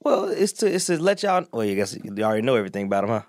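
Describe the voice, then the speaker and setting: Laid-back man with a very lively voice. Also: medium pitch. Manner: relaxed, responsive, laughs along, quick affirmations. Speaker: co-host. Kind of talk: casual comedic chat.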